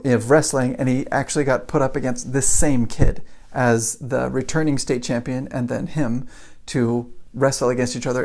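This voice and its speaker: A man's voice: medium pitch, vocal fry, darkish tone. A man giving a casual motivational talk, telling a story and building it up with repeated phrases. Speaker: motivational speaker.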